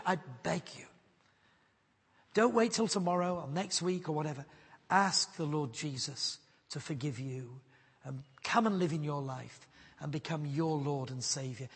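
A man's voice: on the high side, measured pace, breathy edge. A man preaching a sermon, telling a personal story and then earnestly pleading with his listeners. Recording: long hall reverb.

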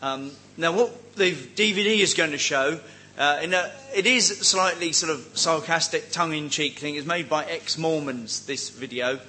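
A man leads a seminar in a relaxed, joking way, padding his points with ums and wry asides. His voice sits a little high and rings bright and forward. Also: moderate pace, a little hiss or hum, poor audio. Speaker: seminar speaker on cults. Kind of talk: informal teaching talk.

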